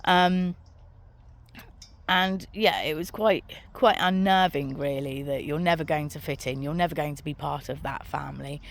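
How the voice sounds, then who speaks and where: A woman's voice: deep voice, moderate pace, hardly any pauses. Chatty woman vlogging on a walk. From Britain. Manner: chatty and frank, swears casually, laughs at her own jokes. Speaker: author and vlog host. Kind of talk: casual walking vlog monologue. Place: outdoors on her farm, walking.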